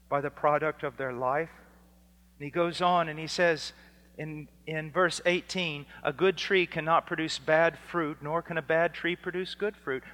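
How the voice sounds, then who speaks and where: A man preaching a sermon, slow and deliberate, swinging between loud emphasis and hushed, quiet lines. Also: a little high. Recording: hall reverb.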